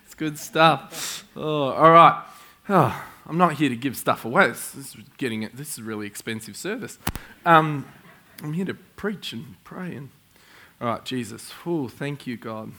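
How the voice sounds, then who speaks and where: A middle-aged man preaching a sermon to a congregation, telling stories with excitable energy and frequent chuckles. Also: mid-range voice, normal speed. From Australia. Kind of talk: sermon with storytelling. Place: church in front of a congregation.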